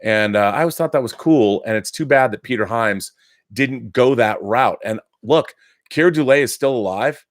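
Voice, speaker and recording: A man's voice: mid-range voice, moderate pace, dry recording, studio quality. A middle-aged man hosting a casual live stream, chatty and enthusiastic, restarting sentences often. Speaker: live show host reading viewer letters.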